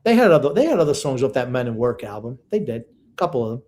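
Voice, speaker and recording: An older man co-hosting a casual sports podcast, gruff and opinionated, reading listener comments and ribbing his co-host. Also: medium pitch, big pitch swings, quick pace, darkish tone.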